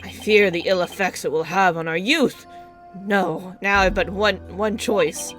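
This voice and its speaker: A woman's voice: medium pitch, a little slow, a bit bright, soft background music, close to an everyday voice. A woman putting on a pompous old male mayor. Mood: grandiose. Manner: grandiose, theatrical declarations. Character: pompous older male mayor, grandiose and overly courteous. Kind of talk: reading game dialogue aloud.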